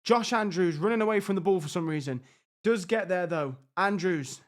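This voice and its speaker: Brief: high-pitched gamer, excitable, frustrated reaction commentary. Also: male voice, moderate pace. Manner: exasperated, excitable, talks to his players. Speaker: gaming YouTuber. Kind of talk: live reaction commentary on a football management game.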